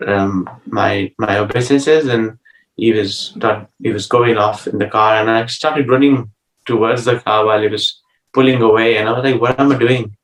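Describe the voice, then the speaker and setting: A man telling a personal spiritual story as an interview guest, earnest and hesitant, with many pauses and restarts. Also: fairly low pitch, fairly even intonation. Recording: roomy sound from a distant mic.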